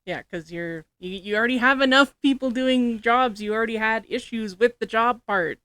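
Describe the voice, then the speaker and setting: A woman's voice: fairly high pitch, normal speed, pushed and bright, no echo. A woman co-playing in a casual let's-play chat, easygoing and agreeing along. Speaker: co-player.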